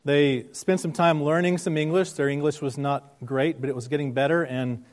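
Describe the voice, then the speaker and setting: A pastor preaching, reading scripture and telling a story, slowing down for emphasis. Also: male voice, on the high side, steady tone. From United States. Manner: earnest, slows down for emphasis. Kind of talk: sermon.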